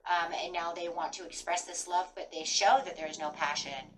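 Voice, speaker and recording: A woman's voice: on the low side, fairly even intonation, moderate pace, far from the mic, slight background noise, low-quality recording. A woman giving a casual tarot reading, rambling and full of fillers like "kind of" and "like". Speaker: tarot reader.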